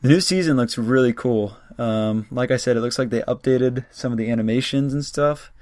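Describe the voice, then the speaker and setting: A man's voice: medium pitch, moderate pace, a little mellow, dry recording, studio quality. A man casually commenting while playing a story game and chatting to his viewers. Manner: chatty, reads game text aloud, talks to viewers. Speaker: let's play gamer.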